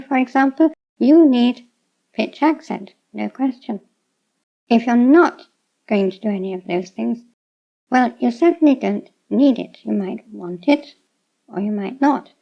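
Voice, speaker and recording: A woman explaining Japanese pitch accent to learners in a measured, reasoned way. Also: creaky. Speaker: language teacher. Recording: dull lo-fi sound.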